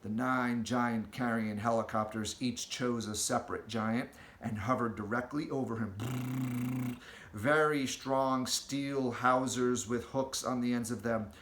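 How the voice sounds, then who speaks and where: A man reading a children's storybook aloud with an expressive, storytelling delivery, in an echoey room. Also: medium pitch. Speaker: audiobook reader.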